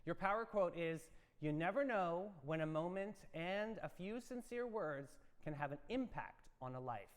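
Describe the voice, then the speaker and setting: High-voiced man hosting with echoing reverb. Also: expressive, moderate pace. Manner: upbeat, theatrical storytelling. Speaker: morning show co-host. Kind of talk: playful horoscope and story segment. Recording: long reverb.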